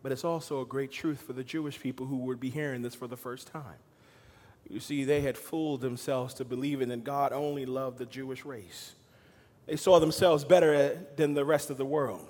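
A man preaching a sermon as pastor, swinging between loud emphatic lines and quiet, hushed asides. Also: medium pitch, fairly even intonation, moderate pace, big-room sound. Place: church sanctuary.

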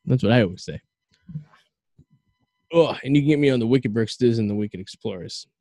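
Rambling male podcast host, mellow voice. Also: medium pitch, brisk, no room sound. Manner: rambling, stammering restarts. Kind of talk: casual chat.

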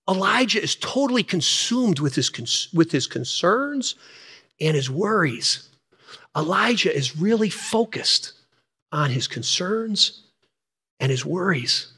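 An older man preaching a sermon in a bright, fairly high voice that rings through a hall with a long echo. He repeats key lines and swings from energetic, quick bursts down to hushed, near-whispered emphasis. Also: slightly rough. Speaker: pastor.

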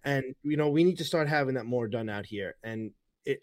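A man's voice: medium pitch, a little fast, few pauses, no room sound. A man from New York in casual chat, ranting heatedly and swearing now and then.

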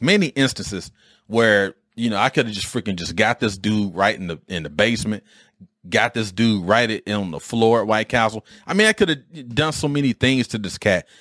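Animated storytelling man, dry sound. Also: on the low side, no echo. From Detroit, USA. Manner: animated, streetwise, swears mildly. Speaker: podcast host. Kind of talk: casual storytelling.

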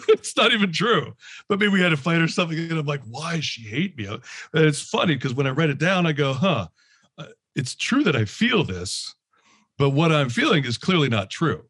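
A man from Canada giving a candid, reflective talk, animated and quick to laugh as he acts out his inner voice. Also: a little high, husky, dry recording. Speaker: guest speaker.

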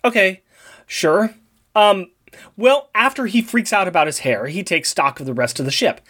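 A man co-hosting a casual comic podcast, teasing and quick to jump in with corrections. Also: high voice, sharp tone. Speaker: podcast co-host. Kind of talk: casual comic book recap.

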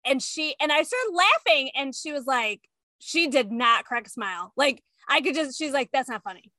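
A woman in casual chat, telling family stories in an animated way and acting out quotes. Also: high voice, moderate pace, no room sound. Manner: animated storyteller, acts out quotes.

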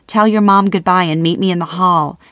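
A woman's voice: lowish voice, steady tone, brisk, fairly bright tone, no echo, close to an everyday voice. A woman reading the lines of a caring adult man in a plain, matter-of-fact way, close to her own voice.

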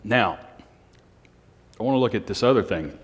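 A man preaching a Sunday night sermon, speaking in a self-described monotone with joking asides to the congregation. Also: on the low side, moderate pace, slightly rough. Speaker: pastor. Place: church hall on a Sunday night. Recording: long hall reverb.

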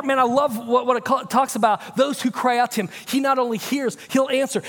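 A man preaching a sermon with a high, bright-pitched voice, moving between forceful emphatic lines and relaxed, conversational asides. His voice carries a long reverb from a large church hall. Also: fairly quick, hardly any pauses, soft background music. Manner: emphatic preaching, shifting to casual, confiding talk. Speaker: pastor.

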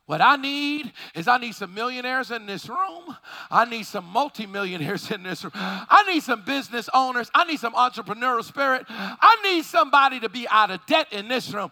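A man preaching a sermon with fervent delivery, shouting at peaks and calling on the congregation to respond. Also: very high voice, expressive, normal speed.

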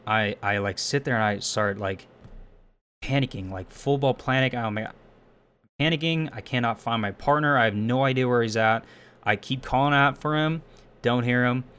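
A young man with a slightly low voice recounts a stressful experience in loose, casual storytelling. He talks emotionally, restarting sentences and leaning on filler words as he goes. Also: fairly bright tone. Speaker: firefighter trainee telling a story.

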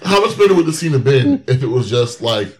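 A man's voice: medium pitch, very animated, fast, heavy background noise. Blunt, sarcastic man in casual chat. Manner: blunt and sarcastic, heavy swearing.

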